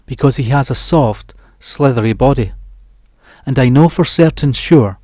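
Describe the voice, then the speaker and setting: A man with a medium-pitched voice narrates a horror audiobook, reading dramatically and expressively. He slows down and rises for the tense moments, and the recording has no room sound.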